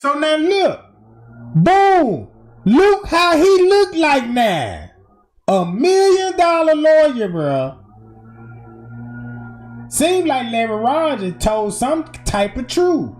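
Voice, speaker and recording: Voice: high-pitched, takes it slowly, long pauses, soft background music. A streamer giving casual, emphatic and profane commentary over video footage. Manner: animated, emphatic, slangy and profane.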